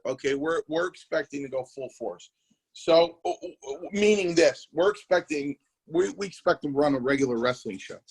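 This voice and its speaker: A man with a high-side voice that's creaky and husky speaks at normal speed on a low-quality recording. He's a wrestling promoter and ex-wrestler telling stories in casual podcast chat, lively and performing the quotes of the people involved.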